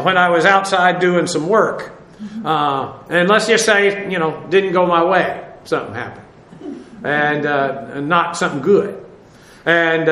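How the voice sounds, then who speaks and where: A man's voice: a little high, bright, forceful tone, roomy sound. A man preaching a verse-by-verse Bible lesson, talking conversationally with many fillers and repeats, spelling out Greek words. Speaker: pastor. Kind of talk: expository Bible teaching.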